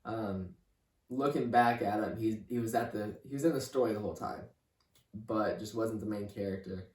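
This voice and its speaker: A young man giving a personal faith testimony as a podcast guest, halting and repeating himself, leaning on "like" and "you know". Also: fairly low pitch, a little mellow, recorded from a distance. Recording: roomy room, voice off-mic.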